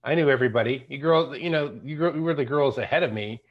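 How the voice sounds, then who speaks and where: A man's voice: medium pitch, fast. Chill 50s guy hosting a podcast, slangy, trips over his words, dull lo-fi sound. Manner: laid-back, slangy, restarts a lot. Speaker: podcast host. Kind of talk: casual chat.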